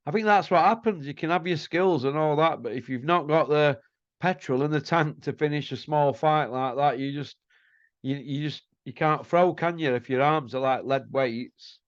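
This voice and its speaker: A man's voice: a little high, normal speed, no room sound, muffled recording. A man, hosting a casual show and ranting bluntly and scornfully. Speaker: host.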